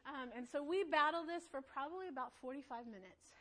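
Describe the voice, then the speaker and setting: A young mother casually recounting a bedtime struggle, animated and acting out the voices of herself and her toddler. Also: high voice, a little fast. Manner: animated, acts out her own and her son's lines. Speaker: mother telling a story. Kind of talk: casual storytelling.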